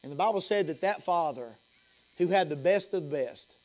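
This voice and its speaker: A man's voice: a little high, normal speed, a little mellow. A man with a Southern US accent preaching an evening sermon as pastor, impassioned, repeating and restarting phrases. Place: church sanctuary.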